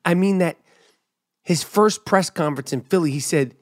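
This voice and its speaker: A middle-aged man hosting a podcast, giving an animated, emphatic sports commentary monologue into a studio mic. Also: high-pitched, normal speed. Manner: animated, emphatic, drops to mock whisper. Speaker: podcast host.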